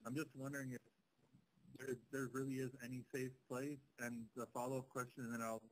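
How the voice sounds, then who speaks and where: A man's voice: medium pitch, flat delivery, a little fast, low-quality recording. A man calling in to a talk show, asking a rambling, hesitant question. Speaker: caller. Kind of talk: call-in question.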